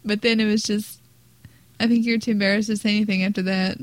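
A chatty woman co-hosting a casual gaming podcast. She talks at a middle pitch and laughs as she tells her stories. The recording is dry and close, with no room sound. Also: flat delivery, quick pace, no room sound, rough recording. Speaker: podcast co-host.

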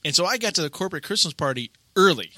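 A middle-aged man hosts a casual podcast, his voice sitting a touch high for a man and ringing very bright. He tells stories with energy, acting out every quoted line, and the sound is close and dry. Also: rapid-fire, no echo. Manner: animated storyteller, acts out quotes. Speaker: podcast host.

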